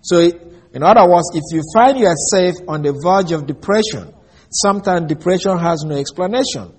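A preacher gives a sermon in a calm, instructive tone, slowing down to draw out key phrases. His voice is a little high for a man, with a husky edge.

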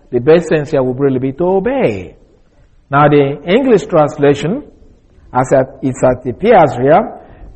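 Husky man teaching scripture verse by verse. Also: on the high side, a little mellow, low-quality recording. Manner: deliberate, explanatory, restates key points. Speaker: Bible teacher.

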